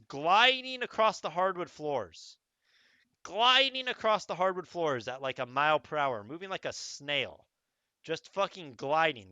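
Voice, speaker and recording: A young man spins a rowdy, profanity-laced story with a lively, bouncing pitch and a bright, forceful edge to his voice. He talks in a rambling casual way, tossing in little asides to the listener. The sound is dry and a bit dull, like a close home mic. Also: dry recording. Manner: animated, profane, rambling with frequent "okay?" asides. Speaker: streamer telling a story.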